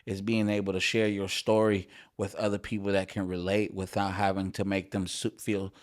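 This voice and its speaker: A man's voice: low voice, level tone, moderate pace. A man, a rapper guest on a podcast, talking in a laid-back way with many fillers and some swearing. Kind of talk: casual podcast chat.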